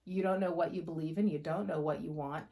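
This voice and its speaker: A woman giving a casual tarot reading to camera, blunt and passionate, swearing freely and talking in quick bursts. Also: low voice, fairly even intonation, vocal fry, dark tone. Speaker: tarot reader.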